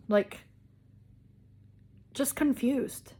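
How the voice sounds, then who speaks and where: A woman's voice: mid-range voice, measured pace. A woman vlogger casually telling a personal story, rambling with many "like"s and restarts.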